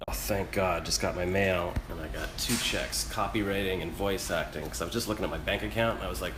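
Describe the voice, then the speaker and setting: A man's voice: low voice, quick pace, background noise. A man chatting casually into his phone for a vlog, rambling and poking fun at himself as he goes about his day. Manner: rambling, self-deprecating. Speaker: vlogger. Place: out and about in a city.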